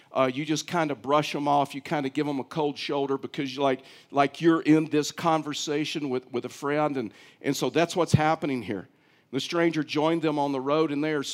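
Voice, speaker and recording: A man preaching a sermon in an animated way, repeating phrases and acting out mocking voices. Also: fairly high pitch. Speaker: pastor.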